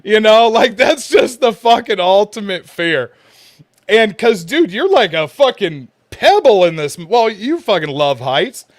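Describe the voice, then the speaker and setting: A man's voice: high voice, very animated, measured pace, no room sound, studio quality. A man telling a long profane story in casual podcast chat, rambling and crude. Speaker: co-host.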